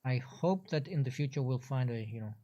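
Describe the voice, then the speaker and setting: A man's voice: medium pitch, expressive, brisk, mellow, dull audio. A man who is a game developer, chatting casually on a livestream and explaining things at length with frequent restarts. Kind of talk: casual gameplay chat.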